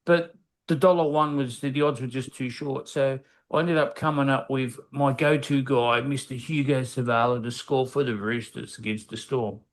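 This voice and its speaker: A man's voice: mid-range voice, fairly even intonation, moderate pace. A man telling jokes on a podcast, rambling and repeating words. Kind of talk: casual joke telling.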